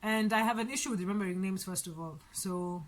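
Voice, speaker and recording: A woman's voice: medium pitch, fairly quick, a little hiss or hum. A woman vlogger telling a story about her day in a chatty, rambling way, with frequent restarts and light laughs. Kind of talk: casual storytelling vlog.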